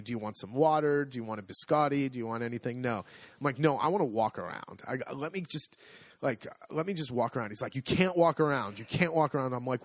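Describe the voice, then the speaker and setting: A middle-aged man telling a story in a casual chat, animated and amused, acting out the lines of the people in it. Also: mid-range voice, no echo. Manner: animated, amused storytelling with restarts and acted-out quotes. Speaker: podcast co-host.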